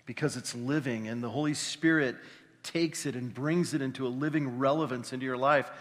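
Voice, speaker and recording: A pastor preaching a conversational, animated sermon with exclamations. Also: male voice, mid-range voice, fairly quick. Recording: reverberant hall.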